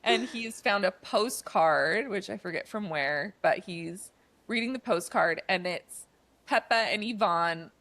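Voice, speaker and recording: A woman's voice: mid-range voice, measured pace, fairly bright tone, no echo. A woman co-hosting a podcast, casually retelling a movie's plot in a chatty way, with lots of "like" and "um" fillers. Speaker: podcast co-host.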